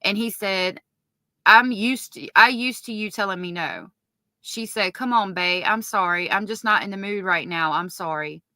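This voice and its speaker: A woman on a livestream reads evidence aloud in a low, subdued tone and then breaks off to curse. Her voice is bright and forward. The sound is close and dry, with no room around it. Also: moderate pace, no room sound. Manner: stops to correct herself mid-read. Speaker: true-crime commentator. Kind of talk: livestream commentary reading court evidence.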